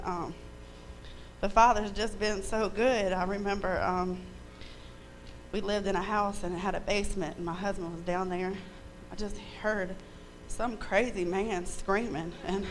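A woman's voice: medium pitch, a little hiss or hum, rough recording. A woman giving a spontaneous testimony at a church service, candid and chatty, laughing often and swearing mildly.

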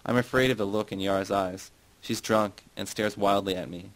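A man reading a novel aloud in a measured, plain audiobook narration. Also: lowish voice, steady tone, low-quality recording. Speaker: audiobook reader.

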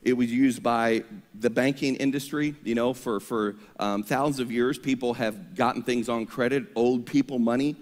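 A male pastor preaching an energetic sermon, leading the congregation in call-and-response. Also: medium pitch, moderate pace, few pauses. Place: church sanctuary. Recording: long reverb of a church hall.

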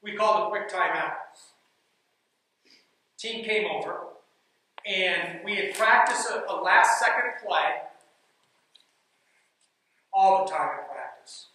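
A man who coaches basketball, telling a team story as an animated speech. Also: high voice, slow, long pauses. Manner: animated, builds suspense in anecdotes. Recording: echoey room, mic from far off.

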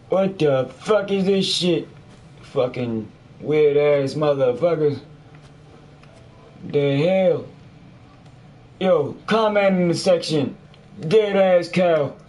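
Loud, crude man doing gameplay commentary. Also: on the high side. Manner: loud, crude, jokey running commentary with frequent cursing. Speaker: gamer. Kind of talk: profane let's play commentary. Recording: faint background noise.

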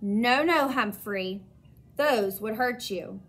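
A woman reading aloud and voicing a kind young girl who speaks softly and soothingly to her pet. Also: fairly high pitch, slow pace, husky, full character voice. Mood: gentle. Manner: soft, soothing and apologetic.

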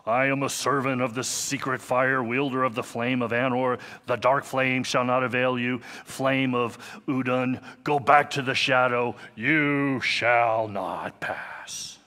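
A man doing a booming Gandalf. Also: steady tone, sharp tone. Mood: commanding. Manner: slow, booming declamation; failed British accent attempt. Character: old male wizard facing a demon, commanding.

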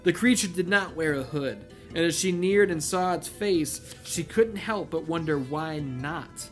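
A man's voice: fairly high pitch, a little slow, a bit bright, soft background music. A man hosting a comedic read-through of a novel, breaking off from the text for wry asides. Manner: wry asides that interrupt the reading. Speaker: channel host reading a novel aloud.

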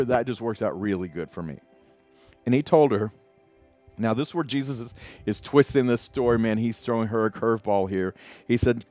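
A man's voice: lowish voice, expressive, moderate pace, a little mellow, soft background music. A man, a pastor, preaching a casual sermon, retelling scripture in everyday words with voiced asides.

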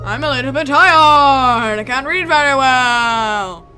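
A woman giving excitable, squealing commentary while playing a video game, often gasping. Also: high voice, slow pace. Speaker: let's play gamer. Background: game music.

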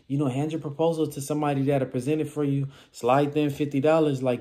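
A man from California with a casual, animated vlogging manner, giving business advice and acting out little scenes. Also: on the high side, quick pace, few pauses. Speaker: vending machine business vlogger.

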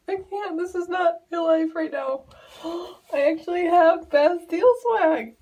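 A young woman in an excited unboxing vlog, giddy and squealing, laughing and near tears. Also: very high-pitched, a little slow, low-quality recording. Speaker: vlogger.

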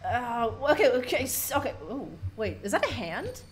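A woman's voice: a little high, very animated, normal speed, a crowd in the background. A young woman giving casual, profane, jokey commentary while playing a horror game, reading in-game notes aloud with sarcastic asides.

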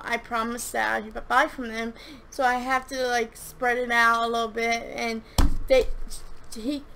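A woman's voice: a little high, bright, forceful tone, slight background noise. A young woman chatting casually through a product review, rambling and gushing, with frequent restarts and fillers. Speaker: slime reviewer and shop owner.

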